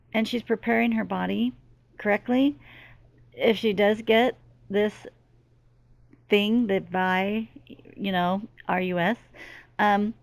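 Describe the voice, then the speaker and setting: A middle-aged woman with a gravelly, medium-pitched voice channels as a spiritual medium, recorded with no room sound. She speaks earnestly and emphatically, repeating herself often.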